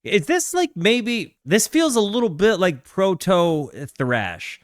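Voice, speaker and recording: A man's voice: sits high, very animated, slow pace, no room sound, clean studio sound. A man hosting a music reaction channel, chatting casually with lots of restarts and fillers. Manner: rambling, restarts, stacked fillers.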